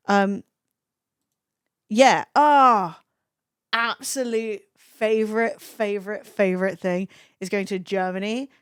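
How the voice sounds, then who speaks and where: A young adult woman chatting on a livestream, swearing freely and reacting with quick laughs as she reads chat. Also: medium pitch, clean tone, no echo, studio quality. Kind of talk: casual stream chat, reading chat aloud.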